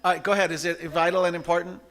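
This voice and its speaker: Man, sermon, church, bright tone, slightly high pitch, conversational. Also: very fast, gravelly. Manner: conversational, animated, bursts into loud shouts. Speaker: practitioner leading a service. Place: church sanctuary.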